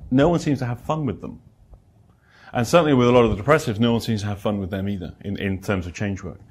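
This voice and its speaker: British man lecturing with animated delivery. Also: medium pitch, husky. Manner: animated, acts out client dialogue, dry humor. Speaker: presenter. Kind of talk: live lecture to therapists.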